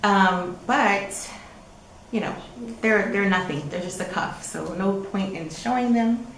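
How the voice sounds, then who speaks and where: A woman's voice: medium pitch, slow pace, fairly bright tone, echoey room, slight background noise, rough recording. A woman co-hosting a podcast, chatting with enthusiasm about her knitting and often trailing off. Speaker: podcast co-host. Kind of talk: casual chat about knitting.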